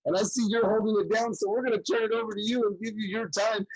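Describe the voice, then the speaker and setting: A man's voice: sits high, fairly even intonation, quick pace, hardly any pauses, no echo, poor audio. A man hosting a comedy show over a video call, joking and hyping up the crowd with profane banter. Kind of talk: emcee banter and introductions.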